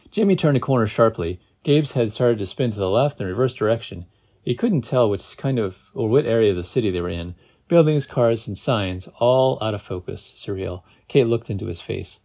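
A man's voice: fairly low pitch, expressive, moderate pace, a little mellow. Guy reading a book aloud, casual, cracks little jokes, trips on words sometimes. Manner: casual, with joking asides and stumbles. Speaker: reader.

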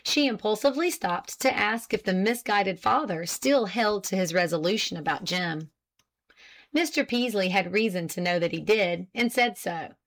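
Lady reading an old-timey novel, steady and measured, medium voice. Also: mid-range voice. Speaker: narrator. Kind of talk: audiobook narration.

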